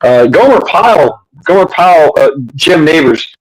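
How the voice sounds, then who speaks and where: A man's voice: on the high side, very animated, moderate pace, husky, low-quality recording. A middle-aged man hosting a casual livestream chat, telling crude, rambling stories full of restarts and fillers. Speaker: host.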